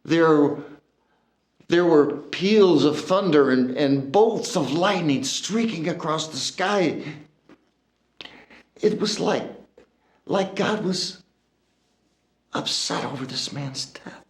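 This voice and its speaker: A woman's voice: deep voice, expressive, takes it slowly, long pauses, reverberant. A woman acting a guilt-ridden person from biblical times, emotional and pleading in a church skit. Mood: troubled. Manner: emotional, pleading, voice breaking into shouts. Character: guilt-ridden woman who spat on a condemned man.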